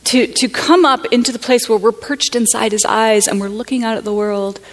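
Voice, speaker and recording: A woman from the United States speaking at a conference, telling a personal story in an earnest, halting, reflective way. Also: on the high side, fairly even intonation. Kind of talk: personal testimony talk.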